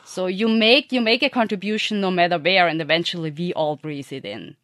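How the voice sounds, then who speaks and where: Woman scientist, earnest explainer, lower voice, dry studio. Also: a little fast, fairly bright tone, no room sound. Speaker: atmospheric scientist. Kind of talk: expert interview.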